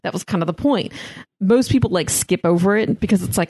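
A woman's voice: medium pitch, fairly quick, warm tone, no echo, studio quality. A woman co-hosting a podcast in casual chat, rambling with lots of fillers. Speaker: podcast co-host.

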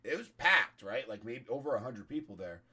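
A hoarse-voiced man, a comedian, telling a story in casual, profane podcast chat. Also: mid-range voice, big pitch swings, moderate pace, sharp tone.

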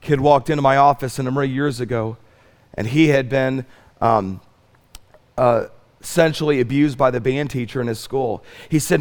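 A man preaching a sermon as pastor, swinging from loud stretched emphasis to soft pleading. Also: medium pitch, moderate pace. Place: church sanctuary.

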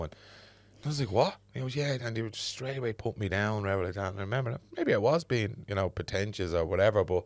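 A man's voice: lowish voice, animated, fast, no room sound. A middle-aged Dublin man hosting a podcast, talking earnestly and reflectively with plenty of fillers. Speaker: podcast host. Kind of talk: casual podcast conversation.

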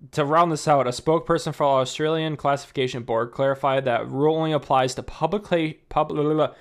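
A man's voice: medium pitch, vocal fry. Rambling young-sounding podcast guy. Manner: rambling, filler-heavy, reads rules aloud. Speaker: podcast co-host. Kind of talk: casual chat.

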